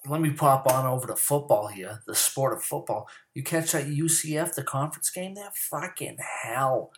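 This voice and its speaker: This sports commentary host delivers a heated, profane, rambling monologue about sports in a casual rant. His voice is a little high, and the recording sounds roomy.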